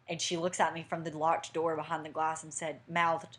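A woman's voice: low voice, brisk, few pauses. A young woman co-hosting a podcast, telling a story in casual chat and acting out what people said. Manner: animated storyteller, acting out quotes. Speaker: podcast co-host.

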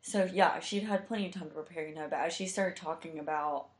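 A woman's voice: sits low, fast talker, reverberant. A young woman telling a heartfelt personal story in a chatty way, full of fillers. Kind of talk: casual storytelling.

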